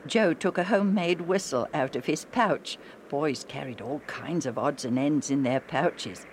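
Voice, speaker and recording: A woman narrating a children's story in a clear, steady storytelling manner. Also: low voice, unhurried, hardly any pauses, soft background music.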